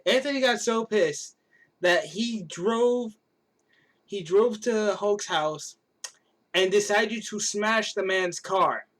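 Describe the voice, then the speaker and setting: A man's voice: high-pitched, slow pace, a bit bright. Man chiming in on a podcast. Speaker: podcast co-host. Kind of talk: casual chat.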